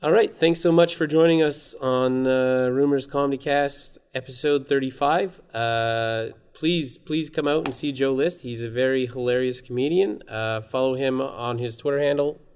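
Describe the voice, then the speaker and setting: A man's voice: medium pitch, fairly even intonation, normal speed, hardly any pauses, a little mellow, smooth. A man hosting a comedy club podcast, chatting casually and rambling a little. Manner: rambling, reads a review aloud. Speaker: podcast host. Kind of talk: casual chat.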